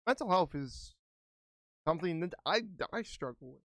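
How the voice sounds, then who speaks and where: A man's voice: fairly high pitch, animated, moderate pace, fairly bright tone, no room sound. A man co-hosting a podcast in casual chat, speaking hesitantly and restarting his sentences. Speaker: podcast co-host.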